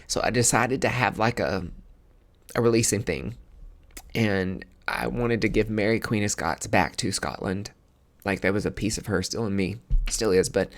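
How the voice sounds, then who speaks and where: Low-voiced man telling a story emotionally. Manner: excitable, emotional, rambling with many fillers. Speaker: podcast host. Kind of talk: casual personal storytelling.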